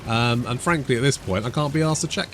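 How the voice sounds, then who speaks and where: This British man, a gaming YouTuber, has a mid-range voice and a quick pace. He commentates a strategy game as a relaxed let's-play, chatty and wandering, with jokey asides.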